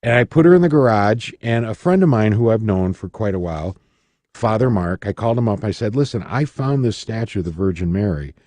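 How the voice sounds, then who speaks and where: Talking fairly quickly in a low, mellow voice, a middle-aged radio man from Michigan shares his story as a studio interview guest. He plays it up dramatically, voicing the people he quotes, and the close, dry studio mic carries no echo.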